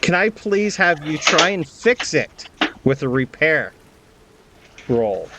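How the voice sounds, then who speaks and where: Slow-talking game master man. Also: on the high side, heavy background noise. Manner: relaxed, explanatory, with fillers. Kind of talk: narrating a tabletop game.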